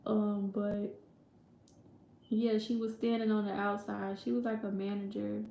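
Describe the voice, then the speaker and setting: A woman's voice: mid-range voice, flat delivery, measured pace, vocal fry, dark tone, a little hiss or hum. A young woman telling a personal story in a casual, rambling way, full of fillers and quoted voices. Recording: echoey room.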